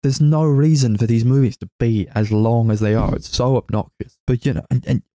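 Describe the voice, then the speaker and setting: A man co-hosting a casual movie review chat, ranting, swearing and laughing, his voice jumping high when exasperated. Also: steady tone, a little fast, dark tone, no room sound, clean studio sound. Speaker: podcast co-host.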